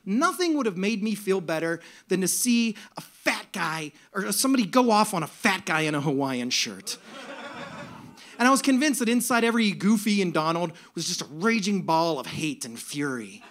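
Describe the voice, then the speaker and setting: A man telling a comic personal story live on stage, in an animated, self-mocking way. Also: sits high, normal speed. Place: stage at a music venue.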